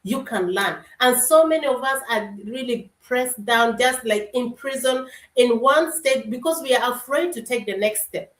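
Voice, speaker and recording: A woman's voice: a little high, moderate pace, few pauses. A middle-aged woman giving a motivational talk. She is earnest, often repeats and restarts her words, and calls her listeners brother and sister. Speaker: motivational speaker. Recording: echoey room, voice from a distance.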